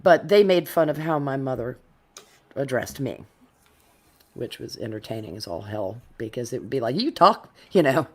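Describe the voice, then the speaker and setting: A woman from the US South, her North Florida accent softened, chats casually while speaking deliberately and enunciating well. Her voice has a rumbling low quality, and there's slight background noise.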